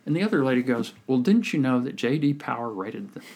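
Husky man telling animated stories. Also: medium pitch, brisk. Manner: animated storyteller, acts out quoted people. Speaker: podcast guest, communication coach. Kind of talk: casual storytelling chat.

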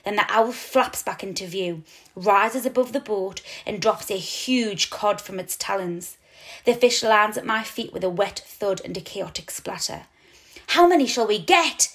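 A woman teacher reading a children's novel aloud with expressive, dramatic narration. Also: mid-range voice, a little slow. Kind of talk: storybook reading.

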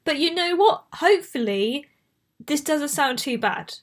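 A woman's voice: high-pitched, expressive, a little slow. A woman from Bristol with a light Bristolian accent, hosting a casual solo podcast while she has a cold, chatty and prone to tangents. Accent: light Bristolian English. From Bristol, England. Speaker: podcast host.

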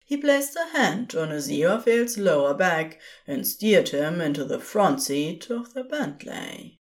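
A woman reads fan fiction aloud in a gentle, expressive way. Her voice sits a little low and moves through a wide, lively range. She takes her time over every line. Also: a little slow. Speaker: narrator. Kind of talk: podfic narration.

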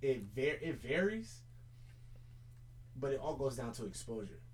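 A man's voice: medium pitch, very animated, a little slow, slight background noise. A young man from Charlotte, North Carolina, co-hosting a podcast, talking loosely with restarts and fillers. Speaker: podcast co-host. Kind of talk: casual chat.

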